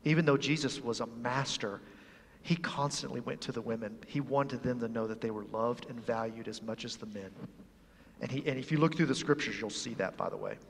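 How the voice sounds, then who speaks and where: A male pastor preaching a sermon in a church, animated and humorous, acting out the scenes he describes. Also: medium pitch, fairly quick, creaky, breathy edge, big-room sound. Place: church sanctuary.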